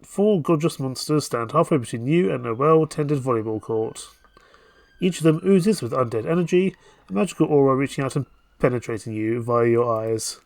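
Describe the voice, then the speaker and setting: Gravelly man reading a game aloud. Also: mid-range voice, normal speed, darkish tone, dry recording. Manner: playful, jokey asides between narration. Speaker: streamer.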